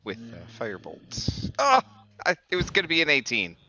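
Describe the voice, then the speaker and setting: A man's voice: a little high, wildly swooping pitch, moderate pace, bright, forceful tone, no room sound. A man casually playing a tabletop game, talking hesitantly with many fillers. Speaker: player. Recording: dry, dull lo-fi mic.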